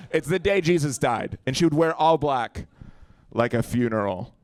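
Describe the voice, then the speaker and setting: A young man from Colombia doing a stand-up comedy set on a club stage into a handheld mic, hosting the night and jumping into quick voices and impressions. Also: mid-range voice, slight background noise. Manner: animated, jumps into voices and impressions.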